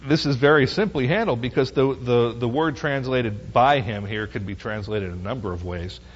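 A man's voice: medium pitch, moderate pace, breathy edge. A middle-aged man teaching a Bible study in a conversational way, often asking listeners if they follow. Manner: conversational, asks listeners rhetorical questions. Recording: muffled lo-fi recording with long hall reverb.

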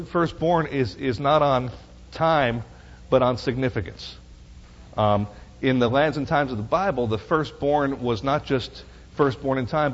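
A man's voice: mid-range voice, slightly rough. A middle-aged man teaching a Bible study in a conversational way, often asking listeners if they follow. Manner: conversational, asks listeners rhetorical questions. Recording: muffled lo-fi recording with long hall reverb.

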